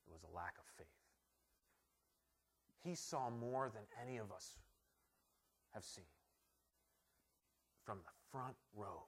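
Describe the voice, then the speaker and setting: A man preaching a sermon as pastor, emphatic and swinging from hushed words to loud ones. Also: on the low side, lively intonation, slow, long pauses, slightly rough.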